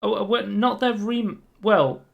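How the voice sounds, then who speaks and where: A man's voice: high-pitched, measured pace, creaky, lo-fi sound. Casual young man reading game news. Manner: relaxed, reads out news with many ums. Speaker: podcast co-host. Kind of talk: casual chat.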